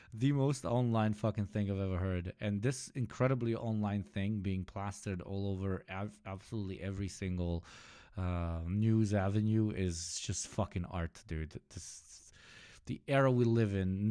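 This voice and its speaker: A man co-hosting a live stream, ranting in animated bursts with heavy swearing. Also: lowish voice, clear, resonant tone. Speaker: streamer co-host. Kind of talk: casual live-stream chat.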